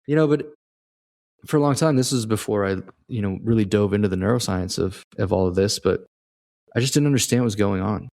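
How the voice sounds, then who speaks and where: Male coach, gravelly low voice, casual and reflective, lots of "like" and "you know". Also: fairly quick. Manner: relaxed, reflective, uses fillers like "like" and "you know". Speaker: performance coach, guest. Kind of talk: casual conversation.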